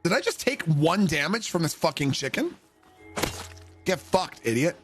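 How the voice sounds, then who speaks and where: Male streamer, slightly high voice, casual profane storyteller, faint background music. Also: very animated, normal speed. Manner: profane, laughing, swings into loud shouted impressions. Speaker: livestreamer. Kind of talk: casual storytelling while gaming.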